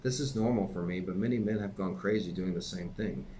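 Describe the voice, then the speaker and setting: A man's voice: deep voice, brisk, dark tone, a little hiss or hum, rough recording. A man reading his own memoir aloud in a plain conversational way, with occasional slips and offhand asides.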